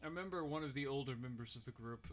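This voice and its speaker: A man's voice: medium pitch, fast, crowd noise. A young man telling a story in casual chat, playful and acting out what people said. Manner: playful, animated storytelling with acted-out quotes.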